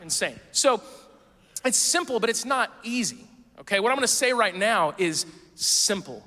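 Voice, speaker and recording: A man preaching a sermon as pastor, conversational and playful, with quick asides to the congregation. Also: high voice, very animated, bright, forceful tone. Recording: long hall reverb.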